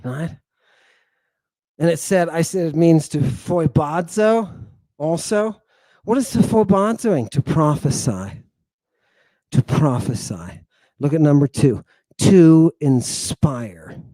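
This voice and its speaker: A man with a fairly high voice lectures slowly and deliberately, stretching out his points. He sounds playful and emphatic, often tossing a question back at the listener. The sound is close and dry, with no room around it. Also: lively intonation, warm tone, no room sound. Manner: emphatic and playful, keeps asking "right?". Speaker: host.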